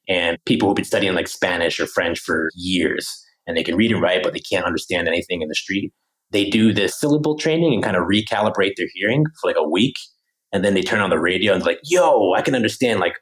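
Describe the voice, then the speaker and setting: An animated man from the United States talks as a podcast guest, his voice sitting a little low. He explains his ideas in a loose, slangy way and keeps asking "right?" to check that the listener is following. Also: low-quality recording. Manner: casual slangy delivery with many "like" fillers. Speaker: podcast guest, language coach.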